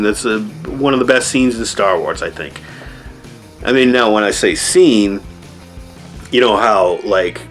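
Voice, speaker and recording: A man's voice: lowish voice, a bit bright. A man giving a casual, rambling movie review with sarcastic asides. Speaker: video reviewer.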